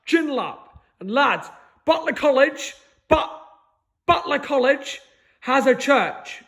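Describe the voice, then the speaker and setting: High-voiced guy, rambling. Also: gravelly, fairly bright tone. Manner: repeats "lads" in a low mutter, stammering restarts. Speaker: vlogger. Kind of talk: rambling solo monologue.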